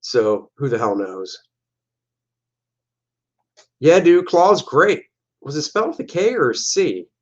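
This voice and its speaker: A man's voice: fairly high pitch, slow pace, pauses often, highs cut off. Laid-back man rambling over comic pages. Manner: relaxed, rambling, acts out panel dialogue in silly voices. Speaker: comic artist streaming his pages. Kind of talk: casual livestream commentary.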